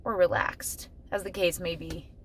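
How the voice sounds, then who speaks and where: A woman's voice: lowish voice, fairly even intonation, unhurried, a little hiss or hum. A middle-aged woman talking casually to camera in a family vlog, chatty and emotional, full of "like". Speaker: family vlogger. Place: in her car, then at home.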